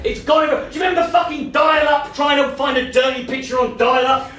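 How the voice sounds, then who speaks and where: A man in his thirties doing a live stand-up set, brash and profane, breaking into shouts. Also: very high voice, fairly even intonation, fast, far from the mic, slight background noise. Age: 30s. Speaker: stand-up comedian. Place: comedy venue in front of a laughing audience. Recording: roomy live venue sound, voice off-mic at times.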